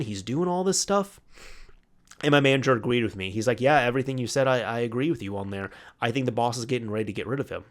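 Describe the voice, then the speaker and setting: A man hosting a solo podcast, casually retelling an old workplace story, quoting coworkers in his own voice and laughing at the memory. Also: mid-range voice. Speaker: podcast host.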